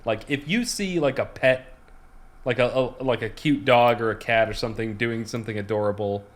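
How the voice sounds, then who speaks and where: A man's voice: medium pitch, normal speed. A man co-hosting a podcast, telling stories in a casual, rambling way with lots of restarts and fillers. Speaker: podcast co-host. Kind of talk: casual chat.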